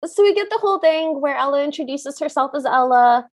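A woman co-hosting a podcast, recapping a movie with wry, deadpan humor. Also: sits high, brisk. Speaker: podcast co-host. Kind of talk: comedic movie recap chat.

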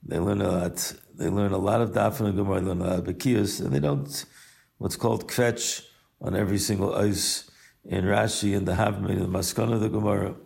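Older male rabbi, deep gravelly voice, unhurried storytelling message. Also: level tone, darkish tone. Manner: unhurried, weaves Hebrew and Yiddish terms into English. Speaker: rabbi and yeshiva teacher. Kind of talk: recorded personal message and story.

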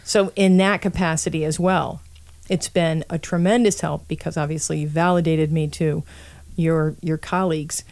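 Chatty woman host with a low voice. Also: steady tone, moderate pace, a little mellow. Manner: chatty, laughs often, acts out quotes. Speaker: podcast host and psychic. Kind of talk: casual conversational interview.

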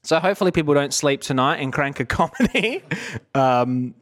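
A man's voice: a little high, expressive, moderate pace, fairly bright tone. A man hosting a live comedy chat, talking loosely with lots of laughter and repeated words. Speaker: host.

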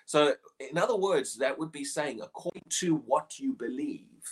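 A man's voice: on the high side, animated, moderate pace, breathy edge. A man preaching a short morning devotional, earnest and questioning, often repeating words as he presses a point.

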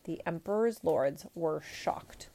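A woman reading a picture book aloud in a measured, expressive storytelling manner. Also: deep voice, gravelly.

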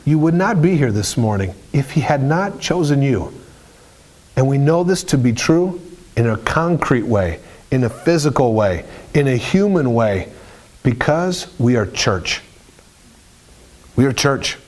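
A man's voice: medium pitch, expressive, normal speed, darkish tone. A man preaching a sermon with emphatic, repetitive phrasing.

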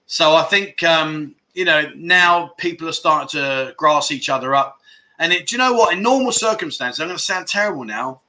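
A London-accented man originally from London, now in Thailand, reads viewer comments on his casual livestream chat show with a chatty, jokey manner, rambling, restarting, and laughing. His voice is a little high, animated, bright, and forceful at normal speed.

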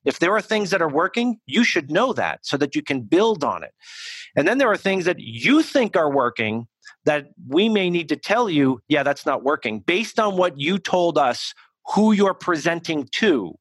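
Man, communication coach, chatty interview answers, somewhat high voice, dry close recording. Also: moderate pace, slightly rough, no room sound. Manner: animated, self-correcting restarts. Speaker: executive communication coach, guest.

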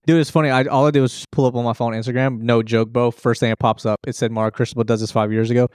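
A man co-hosting a sports podcast, talking in an animated way with rhetorical questions. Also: medium pitch, quick pace, no echo, studio quality. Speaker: podcast co-host. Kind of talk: casual sports chat.

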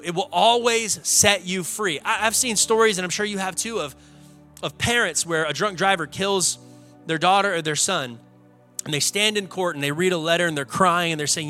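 A man's voice: high-pitched, moderate pace, sharp tone, faint music behind. A young adult man, a pastor preaching an earnest, conversational sermon in a church, building to emphatic peaks. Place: church sanctuary.

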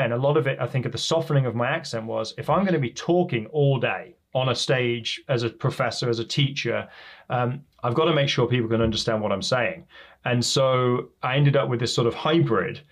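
A man from England, a professor, giving long and thoughtful interview answers in an English accent softened toward American. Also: medium pitch, fairly quick. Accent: softened English accent mixed with American. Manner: thoughtful, explains at length with examples. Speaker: guest, professor.

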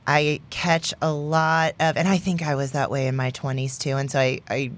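A woman in her late thirties talking through her views on a podcast in a low, grounded voice. She speaks casually, pausing on fillers, then stresses her points firmly. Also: level tone. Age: late 30s. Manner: reflective, emphatic opinions with frequent fillers. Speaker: podcast co-host. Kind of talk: casual chat.

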